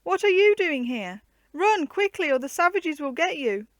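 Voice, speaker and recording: Scared young lady, read by a woman, high and breathless; storybook reading. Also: very animated, normal speed, fairly bright tone, no room sound. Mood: frightened. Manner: breathless, urgent. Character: frightened young noblewoman.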